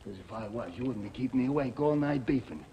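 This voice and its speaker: An actor playing a rough New bartender who grumbles in slang and mimics others' voices, in a 1960 television drama. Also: male voice, medium pitch, lively intonation, fast talker, highs cut off, a little hiss or hum, lightly acted. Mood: agitated. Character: rough bartender, anxious and defensive.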